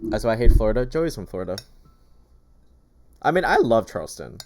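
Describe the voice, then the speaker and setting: Against a noisy background, a gaming YouTuber with a lowish voice talks a little fast and very animatedly while eating. His casual storytelling is packed with "like" fillers.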